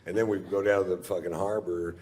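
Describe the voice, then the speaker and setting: A man's voice: deep voice, steady tone, fast talker, a little mellow. A male stand-up comedian telling a rambling, profane story on stage, speaking in a laid-back way into a handheld mic. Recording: reverberant hall, faint noise.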